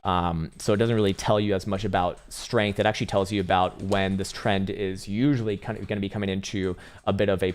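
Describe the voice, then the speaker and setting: A young man talks through crypto charts on a live stream in a low, fairly deep voice. His talk is rambling and loose, full of swearing and laughter, and he breaks into high mock rants at the chat. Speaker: crypto trading livestream host.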